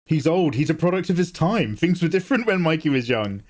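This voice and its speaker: Fairly high and sing-song, this young man's voice moves fairly quickly as he hosts a drawing livestream. He's an artist who chats loosely, jokes around, swears, and responds to viewers while he works.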